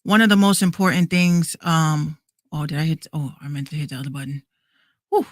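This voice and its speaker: A woman's voice: sits low, fairly even intonation, a little fast, dry recording, studio quality. A woman in her thirties hosting a podcast, ranting heatedly with lots of restarts and swearing. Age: 30s. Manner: heated, repetitive, swearing rant with many restarts. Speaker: podcast host. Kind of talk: casual podcast rant.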